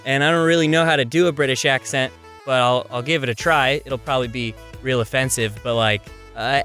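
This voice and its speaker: A man's voice: medium pitch, fairly even intonation, a little fast, bright, forceful tone, faint music behind. A man giving a casual, friendly thank-you as a guest collaborator, poking fun at himself. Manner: friendly, self-deprecating.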